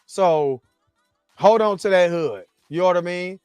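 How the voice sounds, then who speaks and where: A man's voice: high voice, measured pace, darkish tone, smooth, dry recording. A man hosting a reaction show, recapping episodes in a loose, slangy, rambling way full of restarts and asides.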